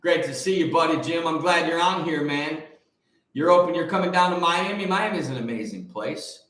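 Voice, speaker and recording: A man's voice: fairly high pitch, moderate pace, a bit bright. A man in his forties from Michigan, hosting a casual livestream, greeting viewers by name and rambling in a preachy way. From Michigan, USA. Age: 40s. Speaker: livestream host. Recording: very echoey room.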